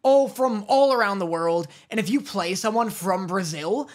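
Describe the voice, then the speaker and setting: A man's voice: high-pitched, expressive, moderate pace. A man co-hosting a podcast in casual chat, easygoing and rambling, with many "like" fillers. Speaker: podcast co-host.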